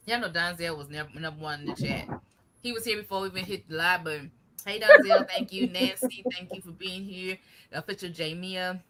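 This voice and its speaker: A woman's voice: lowish voice, bright, forceful tone, slight background noise. A woman co-hosting a casual gardening livestream, chatty and loose, greeting viewers with plenty of "y'all". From Michigan. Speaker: livestream co-host. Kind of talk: casual chat.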